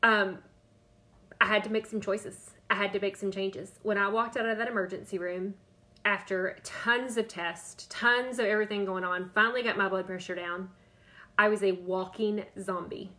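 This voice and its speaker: A woman's voice: medium pitch, fairly even intonation, moderate pace, bright, forceful tone. A woman in her thirties or forties, talking on a live stream as a diet coach, chatty and repeating herself, calling out viewers by name. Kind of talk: Facebook Live talk.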